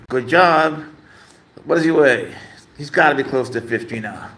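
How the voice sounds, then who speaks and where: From a room in his home, a man hosts a casual livestream, rambling with plenty of fillers as he talks to both his cat and his viewers. His voice is medium-pitched and measured in pace, with background noise audible.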